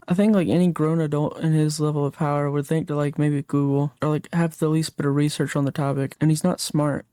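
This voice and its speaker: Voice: medium pitch, mellow, no echo, clean studio sound. A young adult livestreamer chatting casually late at night while gaming, rambling and reading chat comments aloud before answering them.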